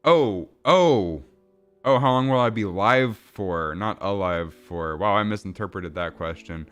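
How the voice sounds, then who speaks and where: A man's voice: low-pitched, normal speed, a bit bright, clear, resonant tone, faint music behind. A man casually chatting with viewers while building a game, rambling, swearing and laughing. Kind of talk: casual livestream chat.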